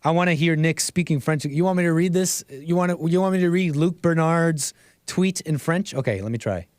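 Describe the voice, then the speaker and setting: A man's voice: on the high side, fairly quick, darkish tone, no room sound, clean studio sound. Man casually ranting on a livestream. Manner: rambling, restarts phrases, tags sentences with "right?"; chuckles between remarks. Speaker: livestream host.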